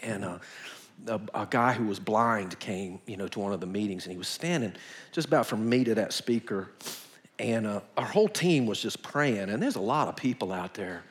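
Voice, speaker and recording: A male pastor, preaching a sermon full of lively stories and acted-out quotes. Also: lowish voice, normal speed. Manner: animated, emphatic, acts out quotes in a whisper or shout. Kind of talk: storytelling sermon.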